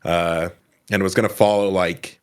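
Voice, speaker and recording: A man with a very low voice, chatting on a podcast as the guest. He tells his story with lively energy and acts out bits of dialogue as he goes. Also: moderate pace, clear, resonant tone. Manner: animated storytelling, acts out lines. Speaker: podcast guest, comedy sketch creator. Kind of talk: casual podcast chat.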